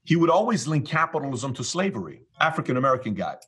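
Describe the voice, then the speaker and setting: A man's voice: mid-range voice, sing-song, fast talker, a bit bright, husky. A man from Iran, a guest in an interview, telling stories and acting out both sides of past conversations. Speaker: guest, business leader. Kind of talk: storytelling in an interview.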